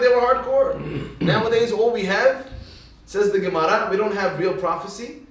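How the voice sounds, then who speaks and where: A man's voice: high-pitched, moderate pace. A male rabbi giving a Torah lecture, telling stories animatedly and acting out what people said. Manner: animated storyteller who acts out quoted speech. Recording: echoey hall, speaker far from mic.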